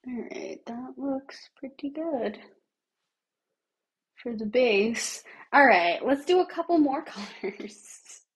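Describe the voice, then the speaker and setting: A woman livestreamer with a raspy, smoker-like voice and a lingering cough, chatting casually through a makeup tutorial and narrating each step as she works, sometimes dropping to a near-whisper. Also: sits high, animated, takes it slowly. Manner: chatty, thinks aloud while working, drops to near-whispers.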